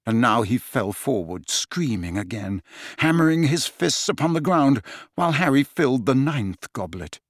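Expressive male audiobook narrator. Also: mid-range voice, moderate pace, dry recording, clean studio sound. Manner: dramatic, expressive reading. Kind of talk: scripted narration.

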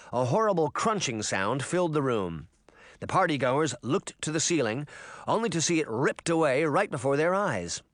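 A man narrating a fantasy story as an audiobook reader, in expressive scripted narration. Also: a little high, no room sound, clean studio sound.

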